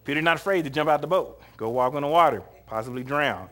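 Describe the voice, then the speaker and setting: Male preacher, slightly high voice, animated and jokey, conversational sermon delivery with laughs and acted-out lines. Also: fast. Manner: humorous, conversational retelling of scripture with frequent laughs; animated, acts out short quoted lines.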